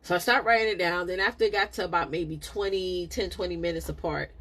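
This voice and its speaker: A middle-aged woman hosting a live stream, telling a personal story in a casual, animated, preaching way. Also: fairly low pitch, quick pace. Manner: animated, preachy, laughs a lot.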